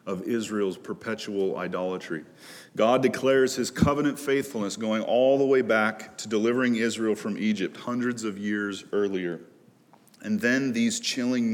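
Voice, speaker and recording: Man preaching in a reverberant hall. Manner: earnest preaching, swings from loud pleas to low hushed lines. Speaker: pastor. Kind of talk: sermon. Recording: long reverb of a large hall.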